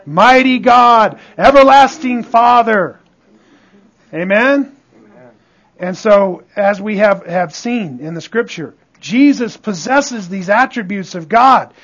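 A man's voice: sits high, lively intonation, fairly bright tone, husky. A man preaching a sermon, reading scripture with heavy stress and calling out "Amen?" to the congregation. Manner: emphatic, calls out "Amen?" to the congregation; reads scripture slowly and with stress. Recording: dull lo-fi recording.

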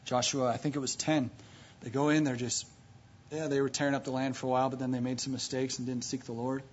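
A man preaching a sermon, emphatic, swinging from low and quiet to loud and high, retelling scripture stories. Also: level tone, quick pace, breathy edge. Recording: dull lo-fi recording.

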